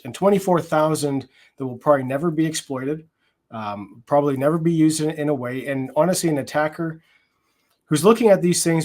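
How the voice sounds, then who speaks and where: A man at mid pitch talks through his reasoning in an unscripted conference conversation. He explains at length, often pausing on fillers and repeating words as he restarts. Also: a little mellow. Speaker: product security executive.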